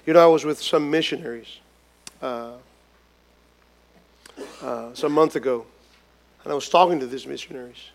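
A man preaching a sermon as a pastor, emphatic and repetitive, swinging between loud stresses and hushed lines. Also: medium pitch, normal speed, vocal fry, long pauses. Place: church gathering.

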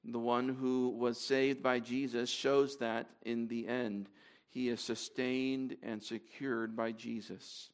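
A man's voice: medium pitch, level tone, slow, smooth. Man preaching a conversational sermon. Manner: conversational, with fillers and restarts, reading scripture aloud.

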